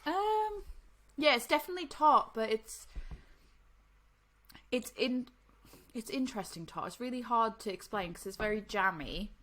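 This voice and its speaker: Woman, podcast co-host, casual chat, laughing, animated. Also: a little high, moderate pace, pauses often. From United States. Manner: chatty, laughs often, animated retelling. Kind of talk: casual chat tasting drinks.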